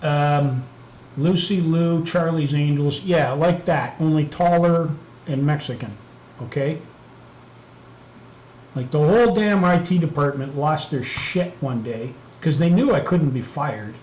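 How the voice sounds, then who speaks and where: A man's voice: fairly high pitch, unhurried, a little mellow. A man hosting a live stream, chatting casually and telling a profane story while muttering over his computer work. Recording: echoey room, faint background noise.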